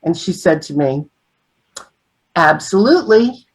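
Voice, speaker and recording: A middle-aged woman leads an online training on sales presentations. Her voice sits fairly low, and she teaches in an animated way, full of examples. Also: unhurried, poor audio.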